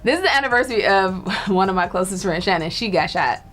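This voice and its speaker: A woman's voice: medium pitch, lively intonation, quick pace, a bit bright. A young woman telling a story in casual chat, laughing and acting out the voices of people she quotes. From Detroit. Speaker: guest storyteller.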